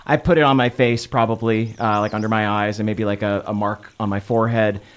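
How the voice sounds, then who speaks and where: A man's voice: lowish voice, flat delivery, fairly quick, clean tone. A man playing a tabletop game, easygoing and hedging his actions with likes. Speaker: player.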